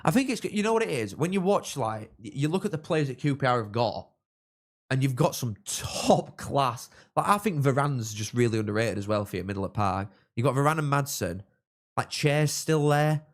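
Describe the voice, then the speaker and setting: A young man from England, hosting a live football watchalong and chatting with viewers, reacting loudly to goals. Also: mid-range voice, lively intonation, normal speed. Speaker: livestream host.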